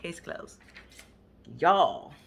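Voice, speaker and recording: Sassy woman, bright and forceful, doing a blunt, profane show-recap rant. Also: extremely slow, a little hiss or hum. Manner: blunt, sassy, profane commentary with sudden loud bursts. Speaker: reality TV recap vlogger. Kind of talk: animated casual recap rant.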